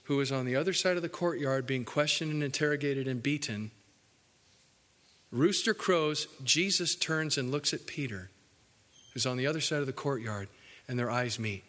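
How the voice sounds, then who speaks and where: A male pastor preaching a folksy, joking sermon, dropping low and soft for the solemn points. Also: normal speed, big-room sound.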